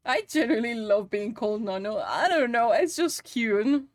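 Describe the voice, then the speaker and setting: A woman's voice: fairly high pitch, expressive, takes it slowly, long pauses, no echo. A woman with a Spanish accent chatting casually on a live stream while she works, giggly and swearing playfully. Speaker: VTuber streamer and model rigger.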